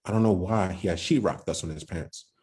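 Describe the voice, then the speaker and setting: A podcast guest tells a story casually and haltingly in a very low, mellow male voice. His delivery is loose, full of restarts and street slang.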